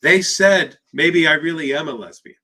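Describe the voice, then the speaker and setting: A frightened married woman who stammers through her pleas, her voice lifted noticeably high, as a man puts her on. Her words tumble out in a rush of worry. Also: moderate pace, bright, forceful tone. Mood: pleading. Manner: pleading, stammering. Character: anxious tearful married woman patient.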